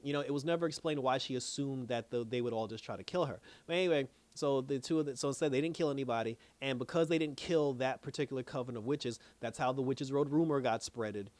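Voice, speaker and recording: A man casually recapping a TV episode as a reviewer, rambling with many fillers and quoting characters in quick put-on voices. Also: medium pitch, a little mellow, dry recording.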